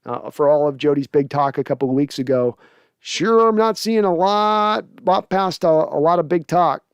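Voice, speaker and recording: A man's voice: a little high, animated, moderate pace, clean tone, dry recording, muffled recording. A man hosting a sports podcast, casually chatting and reading viewer comments aloud. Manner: chatty, laughs often, reads comments aloud. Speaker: podcast host.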